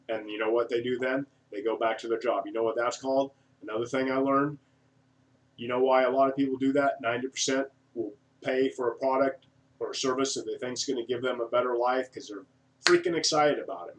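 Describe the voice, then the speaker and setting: Man, video monologue, animated, eccentric, mimics excited buyers, slightly off-mic. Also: mid-range voice, a little fast, far from the mic, a little hiss or hum. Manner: self-described eccentric. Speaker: online marketing reviewer.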